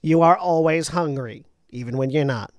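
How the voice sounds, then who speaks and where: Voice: mid-range voice, normal speed, dry recording, clean studio sound, voice pushed down, close to an everyday voice. A game master voicing a brash, doting mother with a put-on Boston-New Jersey accent. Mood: scolding. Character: brash motherly woman, strong-gripped, doting.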